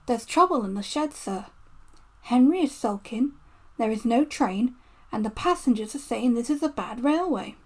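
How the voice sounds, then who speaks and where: A woman's voice: on the high side, expressive, moderate pace. Woman playing a worried station master. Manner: worried, deferential.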